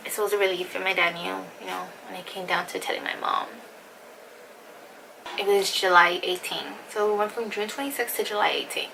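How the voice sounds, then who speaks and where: A woman's voice: mid-range voice, steady tone, brisk, vocal fry, background noise. A young woman vlogger telling a personal story in casual chat, often saying "like" and sometimes dropping to a whisper. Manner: fillers "like", acts out quotes, drops to a whisper at times.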